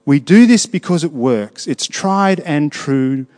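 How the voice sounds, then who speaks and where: A man preaching a sermon, moving between hushed reflection and raised, emphatic delivery, often putting questions to his congregation. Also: a little high, expressive, slow pace. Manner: conversational, asks the congregation questions. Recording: long reverb of a large hall.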